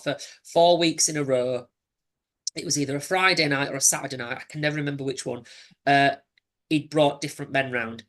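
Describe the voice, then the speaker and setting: Male guest, 40s, bright timbre, candid reflective storyteller with frequent restarts. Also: fairly high pitch. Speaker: podcast guest. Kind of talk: personal storytelling in an interview.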